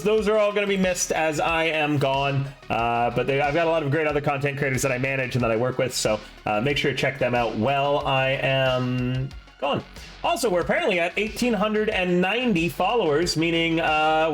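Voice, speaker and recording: A man's voice: a little high, a bit bright. A young man streaming, chatting casually and rambling with self-deprecating asides before running a tabletop game.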